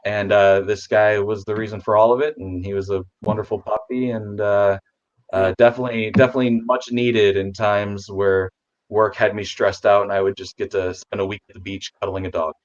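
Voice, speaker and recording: A man who is a guest on a casual video chat, rambling with restarts, talking warmly about his pets. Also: fairly low pitch, level tone, fairly quick, highs cut off.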